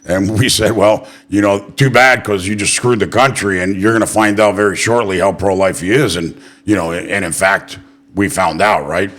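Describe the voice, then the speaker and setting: A podcast host with a deep, steady, slightly bright voice talks at a normal pace. He's running a political interview show, chatting casually and telling profane stories complete with acted-out quotes.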